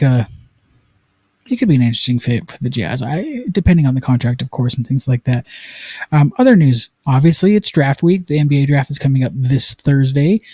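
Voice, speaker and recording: A man from Utah hosting a casual sports live stream, chatty and excitable, with lots of fillers. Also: mid-range voice, no echo. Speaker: sports podcast host.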